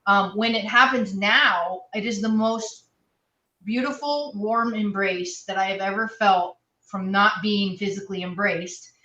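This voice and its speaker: A woman's voice: mid-range voice, a little slow, bright, forceful tone, recorded from a distance, lo-fi sound. A woman telling a story in a heartfelt way during a casual panel chat. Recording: echoey room, away from the mic.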